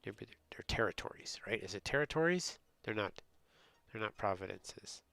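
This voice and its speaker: A man's voice: fairly low pitch, lively intonation, normal speed, gravelly, sharp tone, no room sound. A man from the United States, a streamer rambling in casual chat and answering his viewers. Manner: rambling, chatty storytelling, reads and answers chat.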